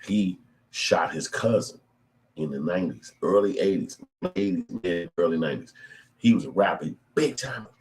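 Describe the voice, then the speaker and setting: Brief: middle-aged man, very low voice, profane and animated commentary. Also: moderate pace. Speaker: channel host. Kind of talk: casual commentary.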